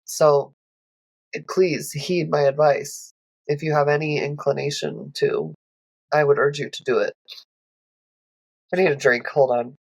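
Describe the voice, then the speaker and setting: A woman's voice: sits low, fairly even intonation, a little slow, gravelly, pauses often, husky, dry recording, low-quality recording. Woman, podcast host, raw and emotional monologue, swears a lot, dry close sound. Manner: emotional, blunt, swears freely; rambling with many fillers. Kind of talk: candid solo podcast monologue.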